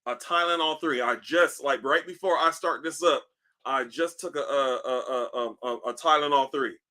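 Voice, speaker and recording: A man hosting a casual livestream, reading comments aloud in a loose, profane, animated way while in back pain. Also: mid-range voice, moderate pace. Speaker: livestream host. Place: indoors at home, seated.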